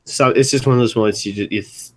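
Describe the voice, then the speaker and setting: A man's voice: medium pitch, fairly even intonation. A young man from Baltimore chatting casually on a live stream, rambling and restarting his sentences. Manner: rambling, halting, many restarts. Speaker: music segment host.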